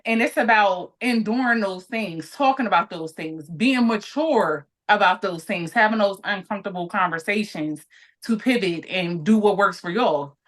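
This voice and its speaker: A woman in her late thirties, a podcast guest, talking candidly and reflectively in relaxed conversation. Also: medium pitch, normal speed. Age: 30s.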